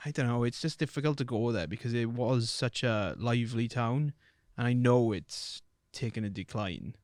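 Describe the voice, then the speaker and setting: A man's voice: medium pitch, moderate pace, darkish tone, dry recording, studio quality. A man from Wales with a Welsh accent, a podcast guest chatting casually, swearing freely and trailing off into restarts. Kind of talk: casual chat.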